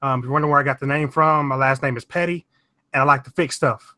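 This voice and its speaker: A man's voice: mid-range voice, steady tone, quick pace, pushed and bright, no echo. Laid-back man with a Kentucky accent. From Louisville, Kentucky, USA. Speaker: YouTuber guest on panel. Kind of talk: casual livestream chat.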